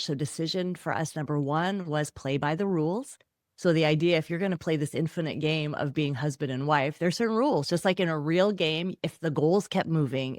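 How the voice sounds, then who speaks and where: A middle-aged woman, a guest author in a podcast interview, talking in an animated way and acting out quoted voices. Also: deep voice, no echo, studio quality.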